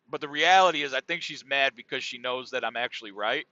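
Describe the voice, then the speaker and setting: A middle-aged man hosts a podcast, rattling off a rambling, casual, profane comic monologue at a quick pace with hardly any pauses. His mid-range voice is bright and forceful. There's no room sound, and the audio is dull, dry and lo-fi.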